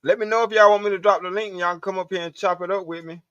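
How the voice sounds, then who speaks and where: A man's voice: high-pitched, steady tone, very fast, a bit bright, no room sound. A man hosting a live stream, rambling casually and profanely while he talks to his chat. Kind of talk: casual livestream monologue. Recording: dull, dry lo-fi stream audio.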